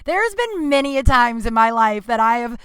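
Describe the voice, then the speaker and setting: A woman comedian hosting her podcast, telling stories in a blunt, profane, animated way. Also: fairly high pitch, fairly quick, slight background noise. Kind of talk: casual storytelling monologue. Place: indoor room.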